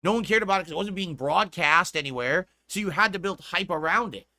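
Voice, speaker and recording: A man's voice: high-pitched, fast, pushed and bright, dry recording, studio quality. A streamer in a played clip, a man rambling about his past in casual talk, repeating himself and swearing freely. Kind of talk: casual storytelling.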